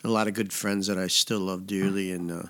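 A man's voice: deep voice, flat delivery, fairly quick, a bit bright. A middle-aged man, a musician, chatting casually at home and telling stories in a rambling, joking way. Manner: rambling, jokey storyteller. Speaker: musician guest. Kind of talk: casual chat.

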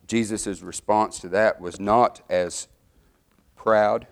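A middle-aged man preaching a sermon, fervent, his voice climbing higher and louder as he builds. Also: fairly even intonation, slow pace, vocal fry.

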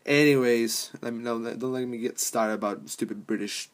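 A man's voice: mid-range voice, normal speed. A young adult man hosting a podcast, rambling casually and swearing, laughing often between thoughts. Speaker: podcast host.

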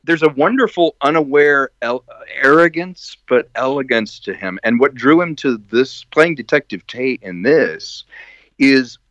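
Animated male filmmaker on a dull call line. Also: mid-range voice, measured pace, no room sound. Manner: animated storyteller who acts out quoted lines. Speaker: filmmaker guest. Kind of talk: casual interview. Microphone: video call.

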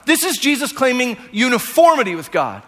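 Male pastor, high bright voice, chatty sermon delivery, long hall reverb. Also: sing-song, fairly quick. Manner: conversational, acts out quotes, frequent "right?".

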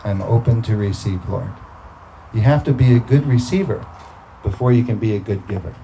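A man's voice: fairly low pitch, normal speed, dark tone, a little hiss or hum, low-quality recording. A man preaching a sermon, talking through scripture in a conversational way and breaking into emphatic bursts.

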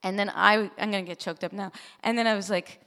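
A woman, a musician, talking openly in an interview, expressive and quick to laugh. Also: medium pitch. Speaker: musician guest. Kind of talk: interview conversation. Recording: long hall reverb.

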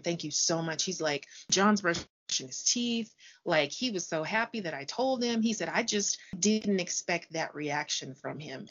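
In a deep voice on dull-sounding audio, a middle-aged teacher talks casually in an interview. She's an animated storyteller, playing out the dialogue of classroom exchanges.

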